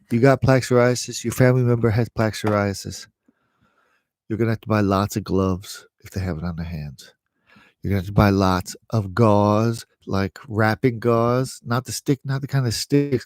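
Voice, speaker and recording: A man giving rambling, casual advice in a home vlog, laughing at his own jokes and trailing off quietly. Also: mid-range voice, no room sound. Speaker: vlogger sharing home remedies.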